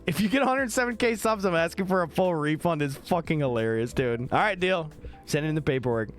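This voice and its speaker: Lively, joking young man streaming. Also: fairly high pitch, brisk, faint music behind. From American Midwest. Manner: animated, joking, swears a lot, reads chat aloud. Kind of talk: casual live-stream chat.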